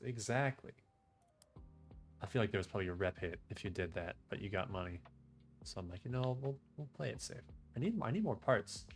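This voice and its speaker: A man with a lowish voice streams a game, reading its text aloud and chatting casually in a relaxed manner that trails off.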